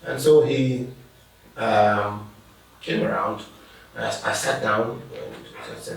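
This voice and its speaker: A man's voice: on the low side, little pitch movement, a little slow, vocal fry, fairly bright tone, slight background noise. A middle-aged man, a pastor telling stories and laughing as he answers interview questions. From Ghana. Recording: echoey room, distant mic.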